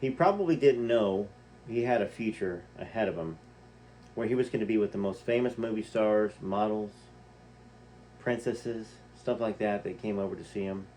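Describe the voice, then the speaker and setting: A man's voice: on the low side, normal speed, warm tone, a little hiss or hum. A man reading a book aloud and stopping to comment, talking straight to his listeners and asking them questions. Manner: conversational, poses questions to listeners.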